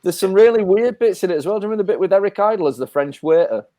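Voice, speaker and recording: A man's voice: high voice, expressive, rapid-fire, warm tone, dry recording. A man hosting a casual chat, animatedly retelling film scenes with the odd laugh. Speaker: podcast host.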